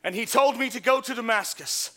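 A man's voice: very high-pitched, a little fast, sharp tone. An actor playing Saul, a zealous man recounting his past in a fervent, theatrical monologue. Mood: awed. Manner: fervent, theatrical storytelling with sudden swells. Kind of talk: dramatic monologue.

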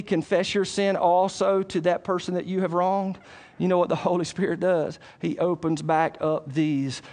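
High-voiced preacher man. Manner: conversational, swings between loud preaching and quiet asides. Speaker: pastor. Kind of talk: sermon.

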